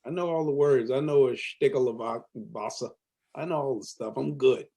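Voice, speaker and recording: Husky-voiced man, playful and teasing. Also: medium pitch, moderate pace, mellow. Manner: playful, teasing, laughs often. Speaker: guest comedian. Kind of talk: casual comedy chat.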